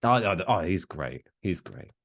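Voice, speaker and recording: A young man with a fairly low voice, co-hosting a podcast in loose casual chat. He rambles, circles back on himself and sometimes drops into quiet muttered asides. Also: sing-song, unhurried. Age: young adult. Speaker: podcast co-host.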